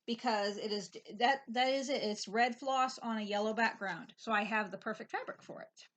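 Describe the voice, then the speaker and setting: A woman's voice: fairly high pitch, moderate pace, a bit bright, a little hiss or hum. A woman with children, co-hosting a casual stitching chat, talking dryly and matter-of-factly with fillers. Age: adult parent. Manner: dry, matter-of-fact, with restarts and fillers. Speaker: co-host of a stitching show.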